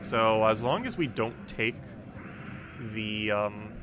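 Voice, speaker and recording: A man's voice: lowish voice, animated, takes it slowly, background noise. A young man streaming a game, chatting casually and rambling with many ums while he plays and answers chat. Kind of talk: casual live-stream commentary while playing.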